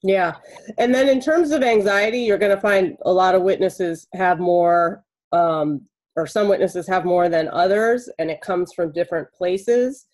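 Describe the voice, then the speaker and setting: A woman's voice: lowish voice, a little slow, darkish tone, poor audio. A woman jury consultant speaking conversationally on a webinar panel, explaining her points through anecdotes over a video call.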